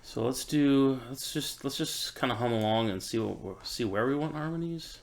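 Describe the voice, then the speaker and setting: A man's voice: medium pitch, moderate pace, gravelly. A man musician thinking aloud in an easygoing, self-doubting way while he records in his home studio. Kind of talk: casual talk while recording.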